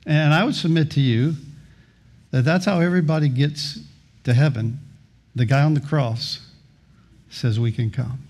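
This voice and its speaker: A man's voice: mid-range voice, normal speed, long pauses, a little mellow, husky. A middle-aged male pastor preaching a sermon, telling a story and acting out its voices, often repeating words as he starts sentences. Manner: storytelling, acts out voices in anecdotes.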